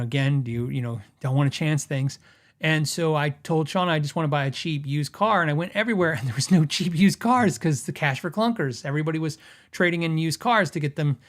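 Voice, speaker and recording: A middle-aged man with a somewhat high voice tells stories in a loose, rambling way. He acts out quoted back-and-forth dialogue and keeps the tone casual and chatty, like a podcast host. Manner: rambling, animated anecdotes with laughs and quoted dialogue. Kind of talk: casual storytelling.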